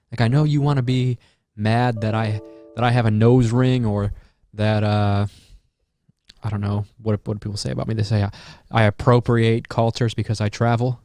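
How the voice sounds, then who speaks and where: A man talking through a casual solo podcast monologue in a mellow, warm voice. He rambles and muses, drops casual swearing and trails off into fillers and restarts. The sound is dry and close, with little room. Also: lowish voice, fairly even intonation, moderate pace, no echo. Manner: rambling, musing, swears freely. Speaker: podcast host.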